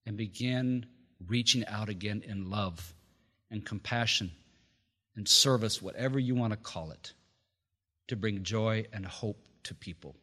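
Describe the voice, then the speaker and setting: A man preaching a sermon to his meeting, telling a story that swells to loud peaks and drops to quiet, low endings. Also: unhurried. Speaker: pastor. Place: meeting house. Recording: long reverb of a hall.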